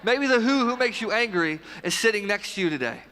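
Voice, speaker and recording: Bright high-voiced pastor, joking sermon. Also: male voice, animated, long reverb tail. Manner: conversational, talks straight to the congregation with quick asides. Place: church sanctuary, live service.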